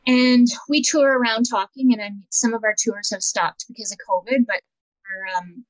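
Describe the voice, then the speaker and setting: A woman's voice: fairly high pitch, fairly even intonation, normal speed, no room sound, poor audio. A woman being interviewed as an empowerment coach, talking in an earnest, reflective way and often restarting her sentences. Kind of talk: casual interview conversation.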